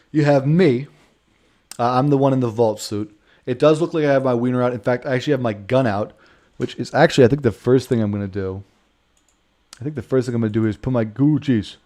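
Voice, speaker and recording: A man's voice: medium pitch, warm tone. A man streaming a video game, rambling and joking in casual commentary, swearing freely and calling people man. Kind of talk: casual let's-play commentary.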